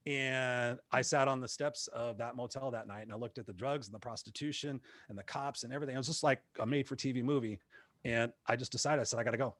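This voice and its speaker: In a casual interview, a male motivational speaker recounts his life story at a fast clip, using many fillers. He is animated and acts out the voices of the people he quotes. His voice is mid-range and the recording dry.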